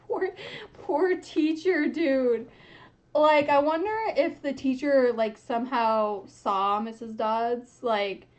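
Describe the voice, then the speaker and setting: A woman's voice: sits high, takes it slowly, highs cut off. A young woman hosting a casual book reaction, chatty and giggly, often laughing mid-sentence. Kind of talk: casual reading reaction chat.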